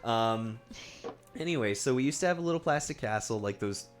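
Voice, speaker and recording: A man's voice: medium pitch, expressive, fairly quick, soft background music. A man in his thirties, chatting casually and teasingly while streaming a game, laughing often.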